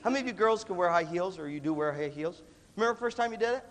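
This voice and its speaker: A man giving an animated live motivational talk to students, often coughing and acting out voices. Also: high-pitched, racing. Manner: animated, acts out quoted voices, coughs between phrases. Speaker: motivational leadership speaker. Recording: reverberant hall recording, faint background noise.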